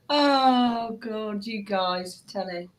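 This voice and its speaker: A woman hosting a late-night livestream with her friends, bright and clear in tone, laughing and teasing as she goes. She speaks slowly, letting each remark land. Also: fairly high pitch. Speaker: livestream host. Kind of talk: casual group chat on a livestream.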